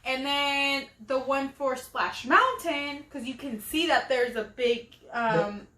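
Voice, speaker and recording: Young woman co-host, bright sharp tone, lively chatty storyteller who acts out her reactions. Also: sits high, slow. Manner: animated storyteller acting out her own reactions. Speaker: podcast co-host. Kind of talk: casual chat. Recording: echoey room.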